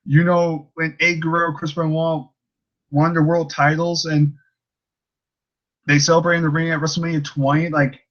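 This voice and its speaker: A man's voice: a little high, flat delivery, normal speed, long pauses, a bit bright, lo-fi sound. A man ranting in a casual vlog, rambling and exasperated, with many restarts and fillers. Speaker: YouTuber ranting about a commenter.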